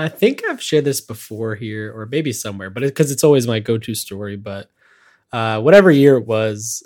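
A young man co-hosting a podcast, telling a story in a calm, rambling way with lots of fillers. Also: lowish voice. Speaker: podcast co-host. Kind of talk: casual podcast chat.

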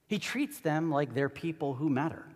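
A man preaching a sermon as pastor, swinging between hushed asides and loud, fervent stretches. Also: on the high side, animated, moderate pace. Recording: long reverb of a large hall.

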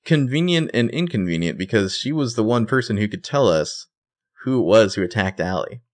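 A man's voice: fairly low pitch, expressive, fairly quick. A man co-hosting a podcast, animatedly retelling scenes and acting out the quotes in casual chat. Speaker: podcast co-host.

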